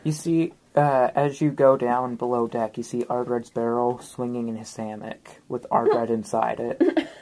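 A woman's voice: rumbling low, flat delivery, measured pace, warm tone. A young woman playing a tabletop role-play game, narrating her character with a playful, goofy manner. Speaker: player.

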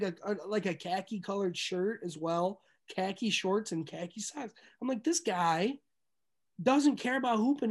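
Young male guest, lively raconteur, gets loud fast then drops low, laughs mid-story. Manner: animated, swings from loud excitement to low asides; laughs through stories. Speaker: podcast guest. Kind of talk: casual storytelling chat.

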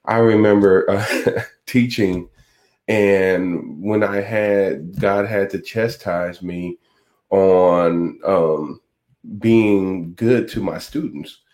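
A man with a very low voice speaks slowly and unhurriedly. He is a podcast host sharing faith-based reflections. He talks in a folksy, preacherly way, full of ums and restarts. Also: fairly even intonation, a little mellow. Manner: slow, folksy, preacherly with many fillers.

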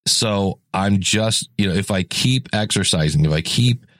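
A man's voice: fairly low pitch, measured pace, a bit bright, no room sound. Guy rambling thru his podcast, chatty, keeps restarting sentences, dead dry room. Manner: rambling, self-correcting, chatty. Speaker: podcast host. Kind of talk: casual solo podcast talk.

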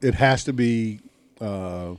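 A man's voice: on the low side, slow, no room sound. Joking male podcast co-host. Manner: joking, teasing questions. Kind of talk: casual chat, snack review.

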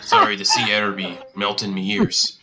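A man voicing a gruff pirate captain who scoffs at the gods and talks in pirate slang. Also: lowish voice, huge pitch swings, normal speed, music in the background, rough recording. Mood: joking. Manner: piratey talk, drops "my" for "me".

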